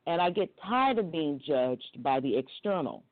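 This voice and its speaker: A middle-aged woman from Long Island, a talk show guest telling her story in a candid, animated way. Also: moderate pace, no echo. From Long Island, New York. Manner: animated, candid, jumps into high quoted voices. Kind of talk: casual interview storytelling. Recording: tinny phone-like call audio.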